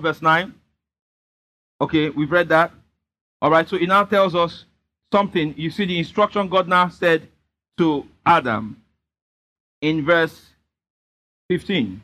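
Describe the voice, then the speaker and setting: A man's voice: on the high side, a little slow, long pauses, pushed and bright. A man preaching a sermon as pastor, emphatically prompting the congregation to answer him. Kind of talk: sermon with call-and-response.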